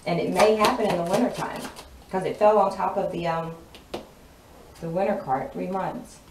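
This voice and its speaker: A woman's voice: lowish voice, fairly even intonation, normal speed. A woman giving a casual tarot reading, sassy and playful as she talks straight to her viewers. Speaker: tarot card reader. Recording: roomy echo, distant mic, audible noise.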